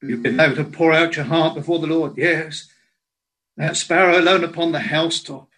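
A man preaching a sermon in a slow, earnest way, quoting scripture in old biblical language. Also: a little high, fairly even intonation, fairly bright tone, rough recording.

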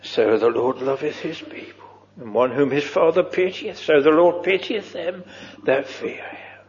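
A man preaching a solemn old-fashioned sermon in a church, slow and earnest, dropping at times to a hushed whisper. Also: a little high. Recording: muffled old church recording with long reverb.

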